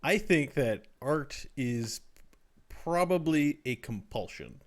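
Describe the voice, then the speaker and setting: A man's voice: medium pitch, animated, slow. A man co-hosting a podcast, bantering playfully and tossing in jokes. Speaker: podcast co-host. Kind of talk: casual podcast discussion.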